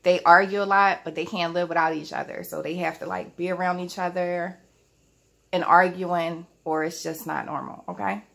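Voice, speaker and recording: A chatty woman telling a childhood story to her viewers from home, her voice carrying a noticeable gravelly fry. She keeps things casual and talks directly to the audience in a relaxed storytime manner. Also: lowish voice, normal speed. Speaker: vlogger. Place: at home, family in the house.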